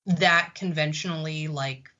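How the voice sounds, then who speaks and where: A woman's voice: deep voice, steady tone, unhurried, pushed and bright. A woman co-hosting a podcast, chatting casually and thoughtfully about a TV episode, with some casual swearing. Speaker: podcast co-host. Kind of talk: casual chat reviewing a TV episode. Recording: dull lo-fi recording.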